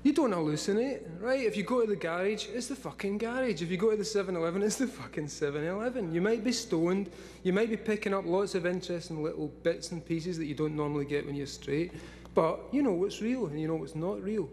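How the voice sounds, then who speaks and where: With a high-pitched voice and a quick pace, a Scottish man in his forties gives a meandering talk to a live audience. He's excitable and profane, and he laughs a lot.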